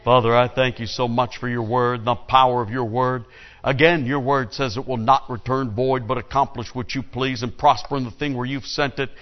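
A male pastor preaching a sermon with lively storytelling, calling on the congregation to answer. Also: medium pitch, normal speed, highs cut off.

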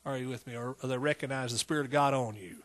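A man's voice: mid-range voice, fairly even intonation, fast, fairly bright tone. A middle-aged man with an East Texas accent preaching a sermon in a folksy, call-and-response manner. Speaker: pastor.

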